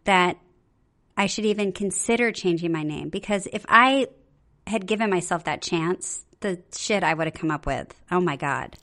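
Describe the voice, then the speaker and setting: A woman's voice: on the low side, a bit bright. Chatty woman reading listener questions. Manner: chatty, playful, quick to joke. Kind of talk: casual chat.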